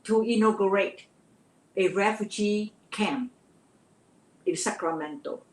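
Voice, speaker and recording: An older woman from Vietnam with a Vietnamese accent, a guest telling her life story in an interview, earnest and halting, often repeating words. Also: mid-range voice, darkish tone. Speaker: guest, actress. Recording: roomy echo.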